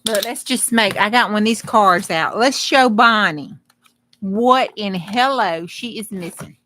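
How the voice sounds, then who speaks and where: A woman's voice: mid-range voice, a little slow, pushed and bright, a little hiss or hum. A woman hosting a live crafting stream, chatting casually and rambling with folksy humor. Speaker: crafting livestream host. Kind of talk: casual livestream chat.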